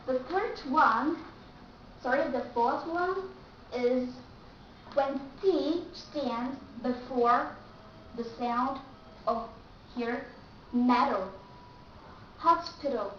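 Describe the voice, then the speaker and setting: A woman's voice: high-pitched, drawn-out words, pauses often, a little hiss or hum. A woman teaching English pronunciation, explaining carefully with self-corrections; her first language is Vietnamese. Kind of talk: slow explanatory lesson. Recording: echoey, distant, dull lo-fi room audio.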